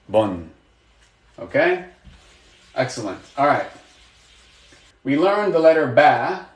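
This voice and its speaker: A man's voice: on the high side, lively intonation, takes it slowly, roomy sound. A man teaching a live online lesson, patient and encouraging, asking students questions and praising their answers. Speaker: Arabic teacher.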